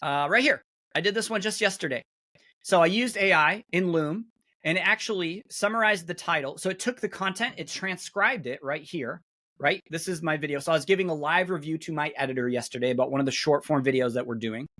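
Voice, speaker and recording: Here the middle-aged guest's voice runs on the high side and his pace is brisk. Talking into his computer mic during the video call, he demos software on a shared screen in a casual, chatty way, riddled with fillers, self-interruptions and restarts.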